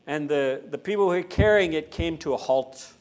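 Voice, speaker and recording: A man preaching a sermon in a conversational way. He adds tag questions like "right?" and slowly repeats his key lines for emphasis. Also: on the high side.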